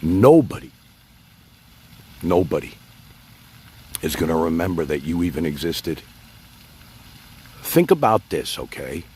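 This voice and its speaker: A man with a gravelly, husky low voice and a darkish tone hosts a casual livestream. He rambles and speaks directly to his viewers, his pitch rising and falling a lot.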